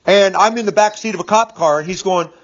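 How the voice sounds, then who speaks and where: A man's voice: high voice, fairly quick. A man in his fifties telling a personal story in a casual, rambling monologue, repeating words and using lots of fillers. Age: 50s. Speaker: business speaker. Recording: dull lo-fi recording.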